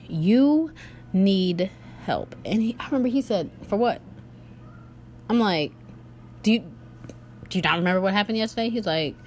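Talking casually to her viewers, a young woman recounts something that happened to her, animated and peppered with fillers. When she repeats what others said, her voice drops lower. There's slight background noise.

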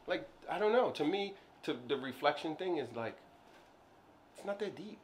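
A man talking casually about his business, rambling and playful, with lots of "like, I don't know" and sudden jumps when he jokes. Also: normal speed. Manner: animated, jumps high when joking. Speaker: business owner, co-host. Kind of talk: casual chat.

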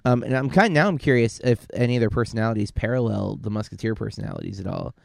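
Rambling casually through a film on a podcast he co-hosts, this man speaks fast, frequently correcting himself and leaning on fillers. His voice is fairly low with vocal fry, in a dry, studio-quality recording.

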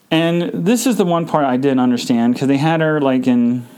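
A man hosting a podcast, telling a personal story in a halting, emotional way, full of fillers and restarts. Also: mid-range voice, darkish tone, smooth, poor audio. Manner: emotional, subdued. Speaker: podcast host.

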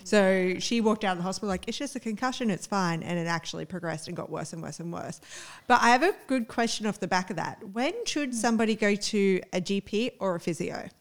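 Woman, podcast co-host, mid pitch, casual chat, questioning, halting. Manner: asks questions, trails off in restarts.

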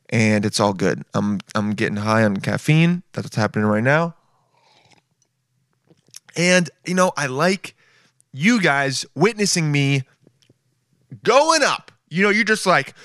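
A male comedian hosts a podcast, riffing in a loose, goofy ramble that pokes fun at himself. His voice is bright and forward. The recording is dry and close, with no room sound. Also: medium pitch, dry recording. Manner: rambling, goofy, self-mocking. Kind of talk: casual rambling comedy monologue.

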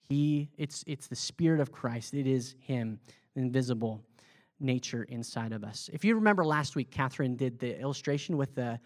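Talkative man preaching to a group. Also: mid-range voice. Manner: conversational, asks the group questions and repeats their answers; loose, with fillers and restarts. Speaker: pastor leading a Bible study. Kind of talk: interactive sermon teaching.

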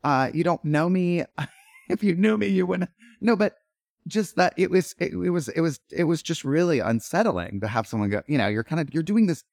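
A middle-aged man, an actor and podcast guest, telling stories in animated, rambling chat full of fillers and restarts. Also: a little high, normal speed, dry recording, studio quality. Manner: animated, lots of fillers and self-interruptions. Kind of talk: casual storytelling chat.

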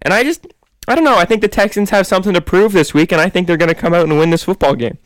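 Casual podcast co-host: man, high voice, confident and chatty, dry close sound. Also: very fast, no room sound. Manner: confident, opinionated, talks in long runs. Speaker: co-host making sports picks. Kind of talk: casual sports podcast chat.

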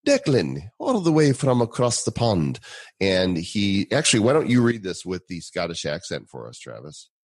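A man's voice: on the low side, huge pitch swings, moderate pace, no echo. A man co-hosting a casual podcast, joking and self-deprecating as he talks. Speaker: podcast co-host.

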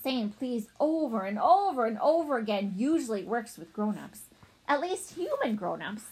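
A woman narrating a children's storybook in a playful, animated way as a young boy narrator. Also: fairly high pitch, normal speed, slightly rough, poor audio. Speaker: audiobook narrator.

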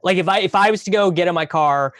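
A man's voice: high-pitched, quick pace, a bit bright, no room sound, studio quality. A Midwestern American man from Missouri co-hosting a casual podcast, rambling and blunt and repeating words as he goes. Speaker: podcast co-host.

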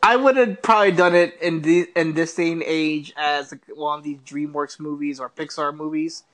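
A man in casual chat about films, joking and animated. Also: on the high side, normal speed.

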